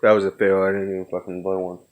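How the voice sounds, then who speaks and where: A man's voice: deep voice, flat delivery, fast talker, narrow, tinny audio. A young adult man hosting a podcast, rambling profanely through a casual stoned story. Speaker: podcast host.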